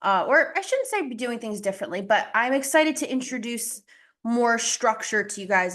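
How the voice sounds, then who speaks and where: A woman's voice: fairly high pitch, fairly bright tone. A young adult woman hosting a video-call lesson, chatty and self-deprecating, a little out of breath. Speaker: coach hosting a group call. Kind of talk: casual live teaching call.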